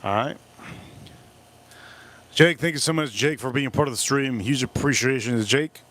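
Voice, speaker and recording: A man's voice: mid-range voice, moderate pace, a bit bright. Blunt cursing man streaming his cooking. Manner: blunt, swearing, frustrated. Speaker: livestream host cooking and drinking. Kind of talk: casual live-stream commentary.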